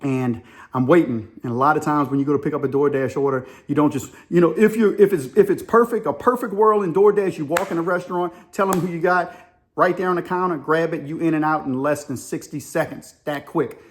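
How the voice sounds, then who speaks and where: A man's voice: a little high, brisk. Chatty New man telling a story. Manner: colloquial, rambling with repetitions. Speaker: vlogger. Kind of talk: casual storytelling monologue.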